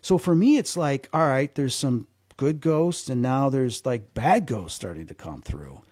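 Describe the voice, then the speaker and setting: A man tells his story in a relaxed conversation, his voice mellow and a little husky. He talks with animated energy, repeats words as he goes and acts out the people he quotes. The sound is dry and close. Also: medium pitch, measured pace, no room sound. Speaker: guest.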